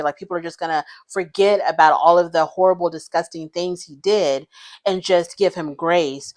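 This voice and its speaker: A woman's voice: lowish voice, moderate pace. A woman giving casual, opinionated commentary on a reality show, frank and blunt.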